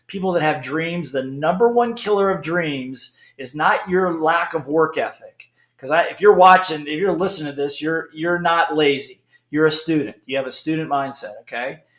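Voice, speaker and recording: A middle-aged man giving an emphatic, animated motivational talk, often checking in with "okay?". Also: on the high side, reverberant. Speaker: speaker.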